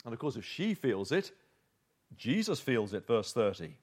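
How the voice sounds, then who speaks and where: A man's voice: mid-range voice, very animated, normal speed, breathy edge. A man preaching a sermon through a Bible passage, telling it as a vivid story with rhetorical questions. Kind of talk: expository sermon.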